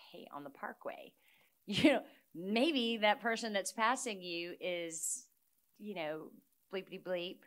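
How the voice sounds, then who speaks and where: A woman with a low, deep voice, talking in a relaxed, casual way. She is middle-aged and tells her stories with lively energy, often breaking into laughter. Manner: animated storyteller, laughs often. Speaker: guest musician. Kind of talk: casual chat.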